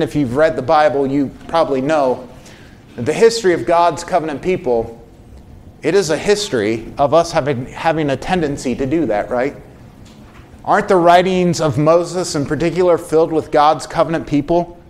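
A man's voice: fairly high pitch, a little mellow. A man preaching a sermon as pastor, earnest, his voice rising for emphasis.

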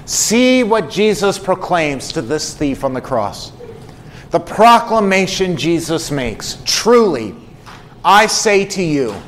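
A man delivers an earnest sermon as pastor, stacking repeated phrases and rhetorical questions for emphasis. His voice sits a little higher than most men's. A faint hiss of background noise sits under the recording.

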